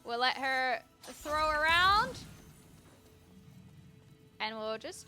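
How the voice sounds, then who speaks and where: A woman's voice: high voice, expressive, drawn-out words, long pauses, pushed and bright, faint music behind. A woman streamer chatting playfully through her gameplay, talking to her dog and her viewers. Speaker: game streamer. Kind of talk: live-stream gameplay commentary.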